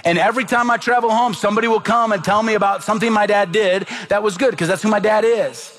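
High-voiced man preaching a sermon. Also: quick pace, fairly bright tone, faint music behind. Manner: earnest, emphatic preaching with rhetorical questions. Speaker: pastor.

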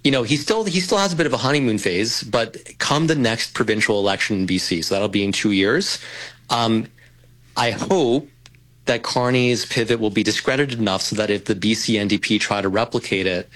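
A man appearing as a guest commentator on talk radio, talking in a measured, analytical way. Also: on the low side, a bit bright, low-quality recording.

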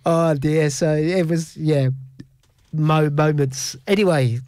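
A man's voice: on the high side, steady tone, slow pace, darkish tone, no room sound. A middle-aged man hosting a radio show, telling stories in a rambling, chuckling way. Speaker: radio host. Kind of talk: casual radio chat.

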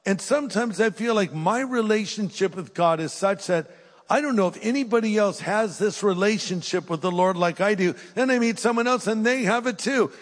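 An older man delivering a sermon, his slightly raised voice swinging from urgent appeals to soft prayer. The sound carries a long reverb from a large church hall. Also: high voice, normal speed. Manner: earnest, dynamic swings from loud urging to hushed prayer. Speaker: pastor. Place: large church auditorium with live audience.

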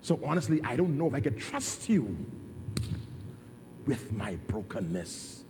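Lively-voiced man preaching a dramatic sermon. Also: mid-range voice, a little slow, slight background noise. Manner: dramatic storytelling preaching, swings from hushed to loud. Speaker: pastor.

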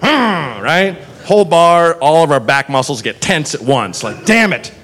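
A man telling a stand-up comedy story, animated, swearing freely and laughing through his lines. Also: on the high side, normal speed.

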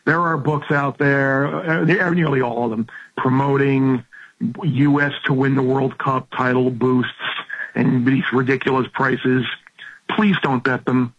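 A male soccer analyst guest calling in by telephone from a room with cedar paneling, speaking in a halting way with many fillers and repeated words. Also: medium pitch, flat delivery, fairly bright tone, husky. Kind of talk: casual chat. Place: indoor room with cedar paneling and air conditioning running. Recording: dull, lo-fi phone-line audio.

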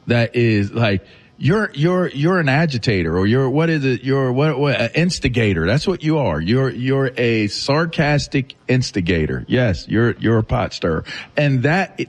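A man co-hosting a sports radio show, ribbing a colleague in loose, laughing, repetitive talk. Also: medium pitch. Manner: laughing, rambling ribbing with repeats.

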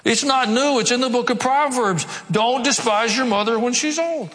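A man's voice: very high voice, moderate pace, a bit bright. Male pastor, emphatic conversational sermon, repeats key phrases, long hall reverb. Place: large church hall.

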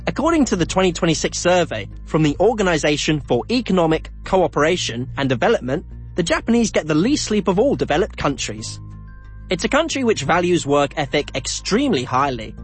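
A man narrating a documentary in a scripted, personal way. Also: fairly high pitch. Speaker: documentary presenter.

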